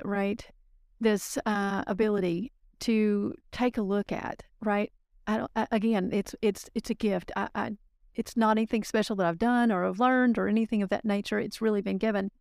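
A woman guest on a podcast, telling client stories in a lively, casual way and acting out the voices of the people she quotes. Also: medium pitch, normal speed, gravelly, no room sound, clean studio sound. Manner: animated storyteller, acts out quoted voices. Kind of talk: casual interview storytelling.

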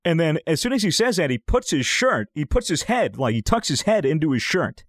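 A man's voice: on the high side, brisk, no echo, studio quality. A young man in his twenties, chatting casually on a podcast and telling stories, swearing often and acting out what people said. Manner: animated, swears a lot, acts out quotes. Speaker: podcast co-host. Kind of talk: casual chat, storytelling.

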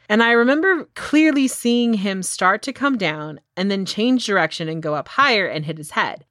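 A woman's voice: medium pitch, a bit bright, dry recording, studio quality. A young woman in her twenties co-hosting a podcast, retelling a story in a chatty way and often laughing as she goes. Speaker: podcast co-host. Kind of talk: casual chat, retelling a story.

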